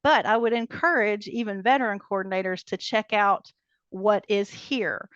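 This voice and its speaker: A woman walks a group of coordinators through a training website on a video call, talking quickly in a chatty way with lots of ums. Her voice comes through a computer mic, dry and a bit dull, like lo-fi call audio. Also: mid-range voice, steady tone, fairly bright tone, clear, resonant tone, dry recording. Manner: brisk, chatty, many ums, light laughs. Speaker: training coordinator presenting a webinar. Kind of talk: casual walkthrough of a website.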